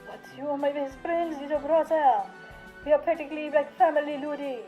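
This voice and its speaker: Brief: woman as a whiny, teasing big brother, high and muffled. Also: little pitch movement, fairly quick, soft background music, lightly acted. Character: cocky drunk young man, teasing big brother.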